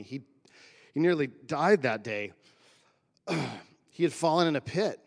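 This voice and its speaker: In a church with a long reverb tail, a man in his forties from Northern California, whose voice sits on the high side, tells a personal story as a pastor's sermon. He delivers it conversationally and with emotion, sprinkling in surfer slang.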